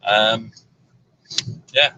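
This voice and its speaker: A man with a low but very bright, forceful voice chats casually on a road trip. He rambles through sums and numbers, with plenty of fillers. Faint road noise hums behind him in the car. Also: steady tone, very slow, lo-fi sound. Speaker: numerology guest.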